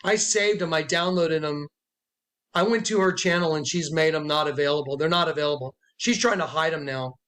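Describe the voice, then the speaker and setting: Talking a little fast in a slightly high, fairly bright voice, a man calling himself a prophet relates an emotional story to followers sitting with him indoors. He's emphatic throughout and acts out the voices he quotes.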